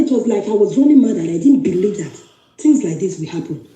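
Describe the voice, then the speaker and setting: A woman's voice: mid-range voice, warm tone. A woman with a Nigerian English accent earnestly recounting her own story, repeating phrases and quoting dialogue as she goes. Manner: earnest, repetitive retelling with quoted dialogue. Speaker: guest telling her story. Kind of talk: personal testimony. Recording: echoey room.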